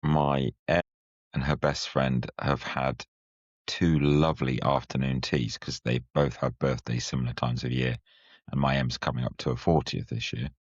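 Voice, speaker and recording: A man's voice: very deep voice, little pitch movement, moderate pace, dry recording. A man hosting a podcast, chatting in teasing, chummy banter. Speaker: podcast host. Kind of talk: casual chat. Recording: slightly muffled, dry sound.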